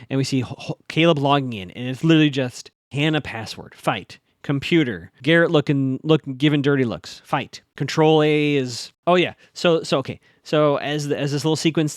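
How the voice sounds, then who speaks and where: A man hosting a solo podcast, chatting casually through an episode recap, theorizing and quickly acting out characters' lines. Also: mid-range voice, no room sound, clean studio sound.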